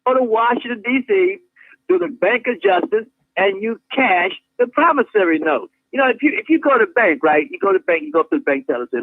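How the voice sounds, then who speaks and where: A man's voice: sits high, very animated, fast talker, dry recording. A man speaking as a guest on a talk show, preaching with passion and acting out little scenes in different voices. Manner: preacherly, acts out scenes with many voices, laughs often. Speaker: guest activist. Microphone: phone call. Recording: tinny phone line, dry.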